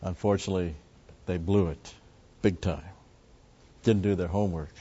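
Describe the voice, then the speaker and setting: A man's voice: low voice, fairly even intonation, normal speed, warm tone, breathy edge. A man preaching a methodical Bible teaching, explaining Greek words and repeating key terms. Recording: dull lo-fi recording.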